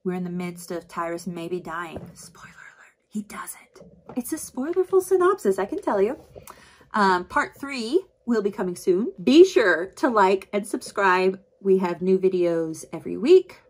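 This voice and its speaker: A book vlogger speaks in a mid-range voice with lively intonation, a little slowly. She chats through a book recap while doing her makeup, acting out quotes and saying "like" in every line.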